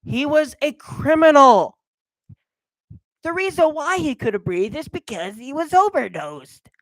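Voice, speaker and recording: Brief: young adult woman vlogger, heated rant, lively swooping pitch, dry close sound. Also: measured pace, dry recording, poor audio. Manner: heated, animated ranting. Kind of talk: ranting monologue.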